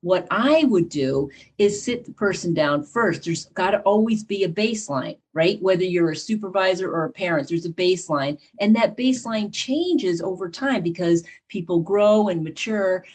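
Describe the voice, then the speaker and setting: Middle-aged woman, husky voice, earnest guest who explains by acting out examples. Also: on the low side, animated, normal speed, hardly any pauses, darkish tone. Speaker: podcast guest and leadership teacher. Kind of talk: conversational interview talk.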